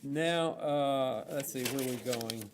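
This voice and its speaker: A man moderating a panel, reading an account aloud in a steady, plainspoken way with frequent fillers. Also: medium pitch, slow, background noise.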